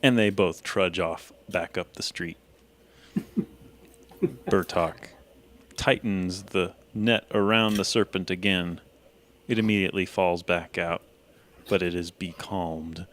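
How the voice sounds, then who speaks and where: A man's voice: low voice, takes it slowly, pauses often, a bit bright. A man playing a tabletop game who thinks aloud and narrates his character's moves. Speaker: player. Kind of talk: casual tabletop game play.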